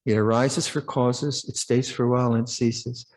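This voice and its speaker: A man's voice: mid-range voice, fairly even intonation, normal speed, a little mellow. An older man, a Buddhist monk, giving a conversational dharma talk at a retreat, often repeating words and putting questions to his listeners.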